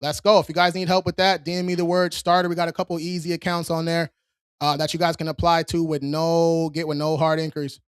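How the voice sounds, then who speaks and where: This time the credit repair streamer talks fairly quickly in a smooth, rather high voice with little pitch movement, reading viewers' questions and giving casual, streetwise answers. The recording is dry and studio quality.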